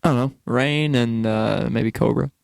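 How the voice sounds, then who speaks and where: A male co-host with a gravelly voice who throws in short, terse remarks during a casual podcast chat. The sound is close and dry. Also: medium pitch, no echo. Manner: terse, quick interjections.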